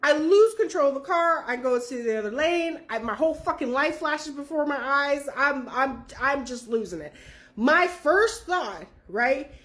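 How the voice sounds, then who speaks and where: Young woman, casual storyteller, lively and profane, slightly high pitch. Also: unhurried. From California. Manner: animated, profane, laughing storyteller.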